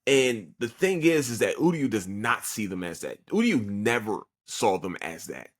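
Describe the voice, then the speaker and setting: A man hosting a podcast, casually reviewing an anime with a profane, excitable retelling full of fillers. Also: fairly low pitch, normal speed. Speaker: podcast host.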